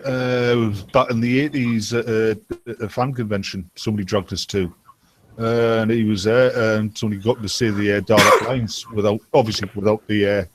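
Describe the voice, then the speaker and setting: A man's voice: on the low side, fairly even intonation, brisk, noisy background. Joking man chatting on a drunk stream. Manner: joking, teasing. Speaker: stream co-host. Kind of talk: casual drunk group chat.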